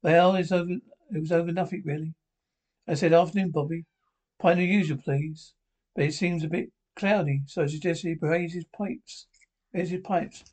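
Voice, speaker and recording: Sitcom: a man as an older Scottish pensioner, dry and wordy, slightly high voice. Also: steady tone, moderate pace, darkish tone, lightly acted. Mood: aggrieved. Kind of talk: sitcom acting.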